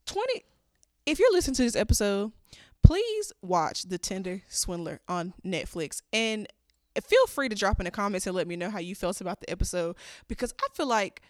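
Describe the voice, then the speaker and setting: A woman co-hosting a podcast in casual chat, animated and quick to exclaim in disbelief, talking into a microphone. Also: medium pitch, no echo, clean studio sound. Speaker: podcast co-host.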